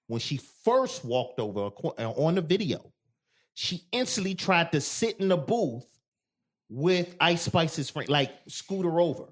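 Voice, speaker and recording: A man co-hosting a podcast in casual chat, telling animated stories and loudly acting out quoted lines. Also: on the high side, a little slow. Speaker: podcast co-host.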